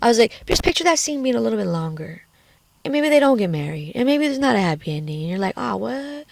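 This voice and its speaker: A woman's voice: on the high side, very animated, quick pace, gravelly, darkish tone, slight background noise. A woman in a candid personal vlog, talking frankly and emotionally and swearing freely, recorded on a phone in a car. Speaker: vlogger. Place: in a car at the beach.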